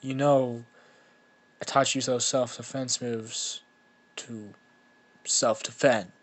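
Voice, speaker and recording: A man's voice: medium pitch, steady tone, slow. A man doing a dry, patient old grandpa. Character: older grandfather, calm and patient.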